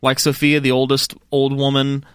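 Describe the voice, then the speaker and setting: A man co-hosting a podcast, laughing easily and swearing casually as he reads a listener's story. His voice sits at a middle pitch for a man, recorded dry and close. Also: monotone, moderate pace, clean tone, no echo. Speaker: podcast co-host. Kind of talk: casual podcast banter, reading listener emails.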